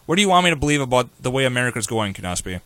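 A man hosting a talk radio show, brash and sarcastic in quick banter with his co-host. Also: mid-range voice, sing-song, sharp tone, no room sound. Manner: brash, sarcastic, rapid-fire. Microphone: studio microphone.

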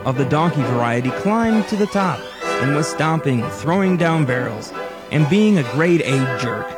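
A man narrating an absurd mock-documentary segment in a deadpan, mock-serious manner, with music behind him. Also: on the high side, moderate pace. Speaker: recorded comedy segment narrator.

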